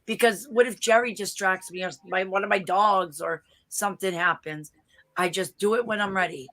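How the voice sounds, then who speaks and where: A woman with a thick Boston accent telling stories in a casual video-call chat, animated and blunt, swearing and laughing often. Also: mid-range voice, normal speed, poor audio. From Boston area, US. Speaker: interview guest.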